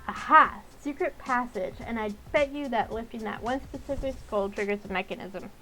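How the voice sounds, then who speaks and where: A woman's voice: a little high, moderate pace, pushed and bright, faint music behind, low-quality recording. A woman playing a story game and chatting through it in a playful way, thinking aloud. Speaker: let's-play gamer. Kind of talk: gameplay commentary.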